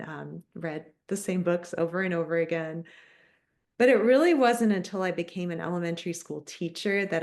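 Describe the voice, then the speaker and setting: A middle-aged woman, a children's book author and former teacher, answering interview questions in a chatty, storytelling way. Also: lowish voice. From United States.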